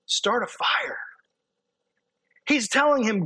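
A man preaching a sermon, animated, acting out quotes and dropping to a hushed, intense voice. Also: very high voice, normal speed, pauses often, dry recording, rough recording.

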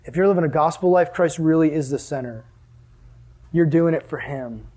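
Young guy preaching to a youth group, lively and animated, kinda high voice, tossing questions at the crowd. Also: moderate pace. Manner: animated, acts out scenes with sudden exclamations and laughs; asks the audience questions. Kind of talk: sermon.

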